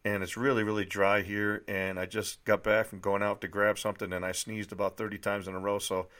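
A man's voice: on the low side, level tone, a little fast, fairly bright tone. Man in his 30s from New Hampshire, a bit nasal, loose rambling delivery, amateur author reading aloud. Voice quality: slightly nasal. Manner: rambling, many fillers and restarts. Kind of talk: casual monologue and reading aloud. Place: dry indoor room.

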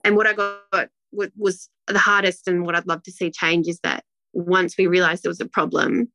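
A woman's voice: lowish voice, steady tone, normal speed, gravelly, pushed and bright, no room sound. A woman, a guest telling a personal story in a rambling, emotional way with many restarts. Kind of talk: casual interview talk.

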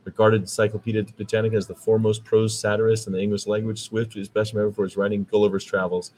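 A man's voice: fairly low pitch, level tone, fast, darkish tone, slight background noise, low-quality recording. An American man hosting a podcast, talking in a casual, rambling monologue that turns preachy. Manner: chatty, rambling, preachy about veganism. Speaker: vegan podcast host.

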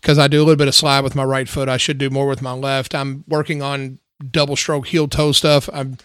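A man's voice: mid-range voice, flat delivery, fairly quick, a bit bright, clear, resonant tone, no echo. A middle-aged man, a drummer, chatting casually in his home garage, laid-back and self-mocking, often laughing. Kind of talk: casual chat.

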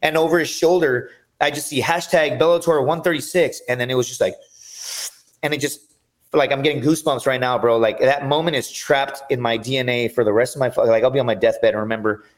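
A man guesting on a podcast, telling his fighting stories in an energetic, profane, rambling way. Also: mid-range voice, brisk. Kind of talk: casual storytelling chat.

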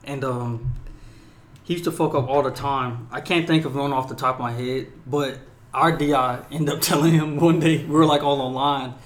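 A man's voice: mid-range voice, fairly even intonation, moderate pace. A man co-hosting a casual chat, throwing in slangy reactions and swearing freely. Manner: frequent slangy backchannels, swears. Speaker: podcast co-host.

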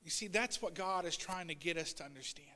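A man preaching a sermon as pastor, swinging between loud, urgent passages and quiet asides, and voicing Bible figures in a raised voice. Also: a little high, a little fast, long reverb tail. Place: church sanctuary.

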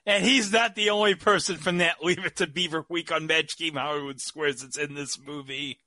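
A man co-hosting a casual movie podcast, playful and excitable. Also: a little high, fairly quick, dry recording, clean studio sound. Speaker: podcast co-host.

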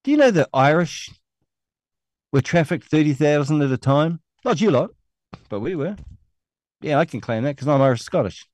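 A man's voice: on the high side, very animated, normal speed, long pauses, a little mellow, no room sound. Profane, scornful New Zealand man ranting. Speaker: online show host. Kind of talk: ranting monologue.

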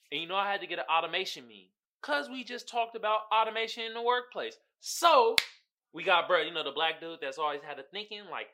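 A man hosting his own podcast in casual solo chat, slangy and animated, laughing often. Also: high-pitched, fairly quick. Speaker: podcast host.

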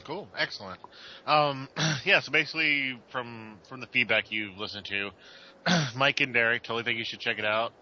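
A man's voice: mid-range voice, moderate pace, pushed and bright, dull audio, slight background noise. A man hosting a podcast, wrapping up a segment and speaking directly to listeners. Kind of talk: casual chat.

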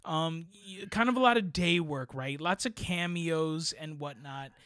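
A man co-hosting a podcast, reviewing a movie in casual chat, rambling and animated, often tagging "right?" onto his points. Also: fairly high pitch, unhurried, dry recording, clean studio sound. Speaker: podcast co-host.

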